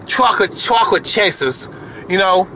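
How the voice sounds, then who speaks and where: A man's voice: sits high, animated, moderate pace, bright, forceful tone, a little hiss or hum. A man delivering an angry, profane rant to camera as a video commentator, heated and repetitive, often restarting his sentences.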